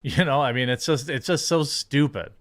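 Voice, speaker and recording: A man's voice: mid-range voice, moderate pace. A man co-hosting a podcast, talking casually in a dismissive, offhand way. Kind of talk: casual opinion talk.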